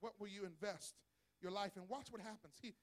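High-voiced preacher building to shouts. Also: male voice, a little fast. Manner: builds to shouting, repeats words when stressing. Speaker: pastor. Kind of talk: sermon. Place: church service with congregation.

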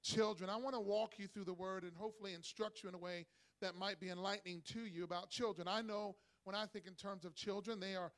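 High-voiced energetic man preaching. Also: quick pace. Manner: energetic preacher calling for congregation responses; acts out voices in a joke with rising excitement. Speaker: pastor. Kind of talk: sermon. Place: church.

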